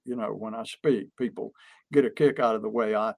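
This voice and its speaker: A man coaching on business, chatting casually and acting out stories with lively energy. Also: lowish voice, brisk, gravelly. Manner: animated storyteller who acts out quotes. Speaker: pest control marketing coach. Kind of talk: casual podcast chat.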